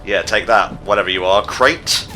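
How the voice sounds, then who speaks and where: A man playing a video game while making sarcastic, deadpan jokes, swearing freely. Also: fairly low pitch, moderate pace, a little hiss or hum. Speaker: player in a gameplay video. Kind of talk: casual gaming commentary.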